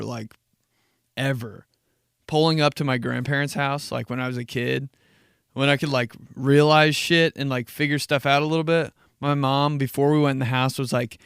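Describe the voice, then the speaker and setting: A man's voice: mid-range voice, fairly bright tone, clear, resonant tone, no echo, clean studio sound. A man hosting a casual solo podcast, telling stories in a laid-back, profane way with frequent laughs. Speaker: podcast host.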